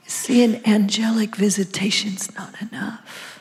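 Woman preacher, slow and breathy, dramatic, drops to whispers, big echoey hall. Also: on the high side. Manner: stammering restarts. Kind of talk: sermon testimony. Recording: long hall reverb.

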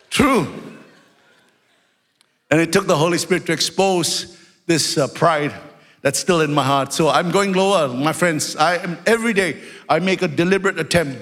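Preacher, male, high voice, animated storyteller who climbs into shouts, live in a reverberant church hall. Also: normal speed. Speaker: pastor. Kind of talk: sermon.

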